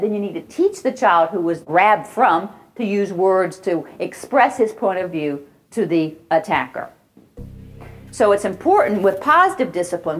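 A woman's voice: medium pitch, animated, moderate pace, breathy edge, faint music behind. A woman giving a parenting lecture, telling anecdotes and acting out children's cries and voices along the way. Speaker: parenting educator.

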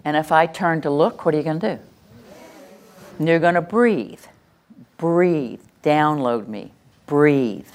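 Older woman, low voice, workshop presenter, lively and demonstrative, talking to a live audience. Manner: lively and demonstrative, acts out examples and leads exercises. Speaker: workshop presenter on calming children. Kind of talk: live teaching talk to an audience.

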